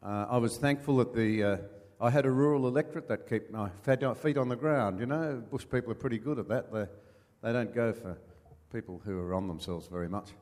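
An older man with an Australian accent, a former politician telling folksy stories as an interview guest, pausing with many fillers. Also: medium pitch, darkish tone, long reverb tail. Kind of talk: anecdotal storytelling.

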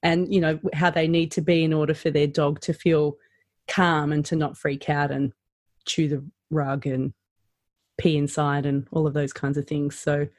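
A woman with a fairly low voice talks in a lively, casual way and slips into firm, clipped voices to make her point. She is a trainer of practitioners, and the sound is dry and close, with no room around her. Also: normal speed, no room sound. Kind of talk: casual chat.

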